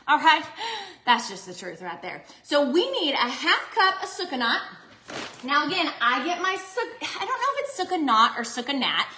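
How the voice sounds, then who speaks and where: Woman, bubbly and chatty, bright lively voice, echoey kitchen. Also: sits high, a little hiss or hum. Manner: bubbly, chatty, talks to viewers. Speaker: cooking vlogger. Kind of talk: chatty cooking live stream. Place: home kitchen.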